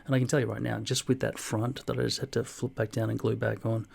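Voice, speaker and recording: A man in his forties reading out viewer comments and answering them in a dry, deadpan way, with plenty of swearing. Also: mid-range voice, quick pace, creaky, husky. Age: 40s. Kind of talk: casual comment-reply vlog.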